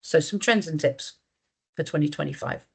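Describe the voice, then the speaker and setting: A woman's voice: low voice, moderate pace, vocal fry, husky. A woman presenting on a video call webinar, talking in a conversational way with frequent fillers and restarts. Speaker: guest speaker.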